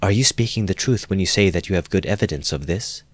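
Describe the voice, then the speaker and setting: Stern composed young woman, measured, slightly higher than the reader's low voice, man reading her lines, dry recording. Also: dry recording.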